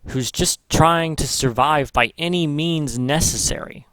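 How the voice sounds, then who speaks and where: A man's voice: a little high, a little slow, a bit bright, smooth, no room sound. A man vlogging in casual commentary, rambling and swearing, correcting himself as he goes. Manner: rambling, profane, self-correcting. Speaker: gaming vlogger.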